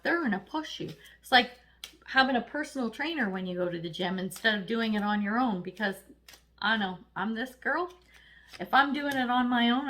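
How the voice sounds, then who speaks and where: A woman's voice: on the high side, fairly bright tone. A woman giving a casual, chatty tarot reading, blunt and encouraging, acting out little quoted voices as she goes. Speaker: tarot reader.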